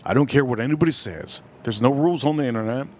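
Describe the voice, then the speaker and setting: A man's voice: medium pitch, fast, slight background noise. A man hosting a livestream, ranting bluntly in casual chat, swearing freely and rambling between thoughts. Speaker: livestream host.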